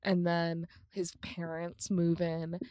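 A woman's voice: lowish voice, completely flat delivery, takes it slowly, dark tone, clean tone, dry recording, clean studio sound. A woman co-hosting a podcast, recapping films in a rambling, casual chat, laughing often and swearing freely. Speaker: podcast co-host.

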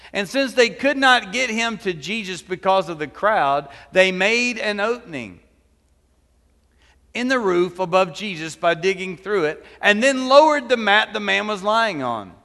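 A man's voice: sits high, pushed and bright. A male pastor preaching a sermon in a church, talking conversationally with humorous asides. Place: church sanctuary. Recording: long church reverb.

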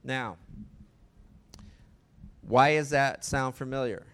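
A man's voice: mid-range voice, takes it slowly, fairly bright tone. A man preaching a sermon in a conversational way, often asking the listeners rhetorical questions.

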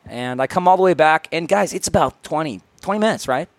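A man's voice: on the high side, lively intonation, fast, no echo. A young man, a podcast co-host, insistently telling a story to friends in casual chat. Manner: insistent, keeps retelling his story in order.

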